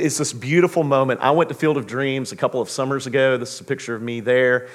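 A man in his thirties preaching a sermon as pastor, telling a story with lively, acted-out quotes. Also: quick pace, few pauses. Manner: animated storyteller, acts out quotes with big pitch jumps.

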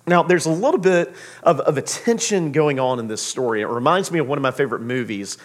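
A man in his thirties delivers a sermon, his voice a little higher than most men's. He tells stories with animation, swinging from soft, low asides to excited, acted-out lines. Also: fast. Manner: animated storyteller, acts out quotes with big pitch jumps. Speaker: pastor.

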